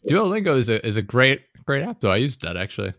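A young man co-hosting a podcast, rambling casually and dropping deadpan jokes. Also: mid-range voice, fast talker, no room sound, clean studio sound. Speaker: podcast co-host. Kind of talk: casual chat.

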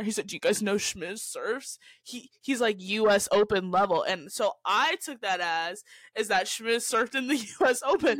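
A woman's voice: mid-range voice, moderate pace, a bit bright, no room sound, studio quality. A young woman from California, co-hosting a podcast and telling stories in a rambling, casual way, acting out what people said with lots of restarts. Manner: chatty storyteller, quotes people in their own voices, frequent likes and restarts. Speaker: podcast co-host. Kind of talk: casual chat.

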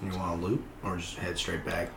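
A man playing a tabletop game, eager and excitable as he checks rules and rolls. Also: sits low, brisk, vocal fry, echoey room, a little hiss or hum. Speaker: player. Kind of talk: casual tabletop play.

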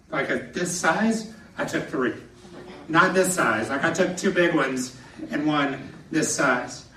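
A man preaching a sermon as a pastor, telling personal stories in an animated way and laughing through them, from a podium in a church sanctuary. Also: on the high side, a little hiss or hum. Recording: echoey hall, somewhat distant.

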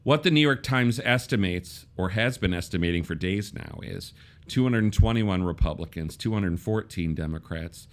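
A man's voice: low voice, moderate pace. A man hosting a casual political talk show, wry and conversational, often restarting his sentences. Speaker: podcast host.

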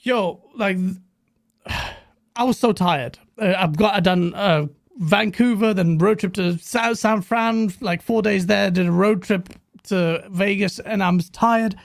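A British man, a guest on a gaming podcast, telling animated stories in casual chat and swearing freely. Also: high voice, takes it slowly, vocal fry, no echo, clean studio sound.

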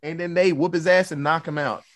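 A man's voice: on the high side, fairly even intonation, brisk, a bit bright. A man casually retelling a movie plot for a podcast, loose and profane, slipping into the characters' lines. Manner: loose, profane storytelling with acted-out quotes. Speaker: podcast co-host.

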